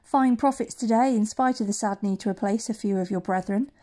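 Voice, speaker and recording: A flamboyant woman ship captain holds court, grandiose and theatrical in every line, as a woman reader puts her on. The tone stays mellow and dark. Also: medium pitch, brisk, lightly acted.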